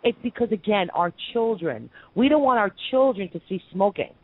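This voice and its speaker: A woman's voice: medium pitch, expressive, quick pace, hardly any pauses, breathy edge, no room sound, phone-quality sound. A woman from Brooklyn hosting a call-in radio show, ranting with heated opinions. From Brooklyn, New York.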